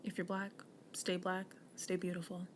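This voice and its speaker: A young woman from the United States hosting her own podcast, talking earnestly and encouragingly, sometimes dropping to a soft near-whisper. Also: lowish voice, completely flat delivery, normal speed, a little hiss or hum. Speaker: podcast host. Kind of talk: solo podcast monologue with affirmations.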